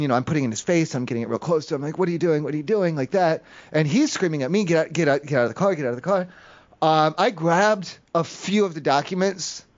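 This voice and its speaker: Prank caller, male, fairly high voice, rambling and meandering, muffled lo-fi phone audio. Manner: rambling, meandering storytelling with many fillers.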